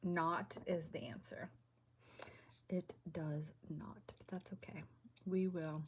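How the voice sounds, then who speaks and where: A woman's voice: fairly low pitch, steady tone, slow pace, slight background noise. Chatty woman muttering over crafts. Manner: chatty, muttering to herself while working. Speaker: craft video host. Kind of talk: casual crafting chat. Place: home craft room.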